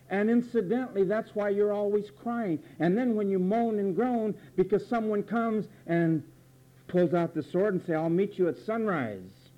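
A man preaching a sermon, emphatic and repetitive, pressing word meanings with rhetorical questions. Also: sits high. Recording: dull lo-fi recording.

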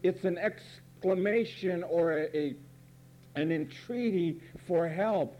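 Guy preaching from the pulpit, fiery and sarcastic, kinda high voice, warm and dark tone. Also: slow. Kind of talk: sermon. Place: church pulpit.

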